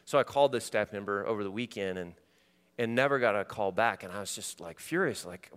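A man preaching a sermon to a congregation, swinging from loud animated stretches to quiet, intimate ones. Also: on the low side, fairly quick, smooth, long reverb tail. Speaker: pastor.

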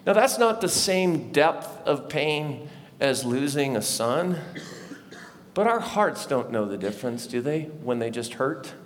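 A man's voice: mid-range voice, big pitch swings, a little slow. A middle-aged man, a lead pastor, preaching a sermon to a live congregation in a church, conversational and often asking the listeners questions. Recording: long hall reverb, faint background noise.

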